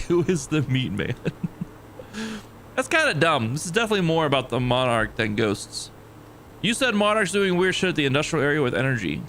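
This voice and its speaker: A man's voice: fairly high pitch, fairly bright tone, a little hiss or hum. A man streaming a video game, joking, laughing often and reading in-game texts aloud. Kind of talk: gameplay livestream commentary.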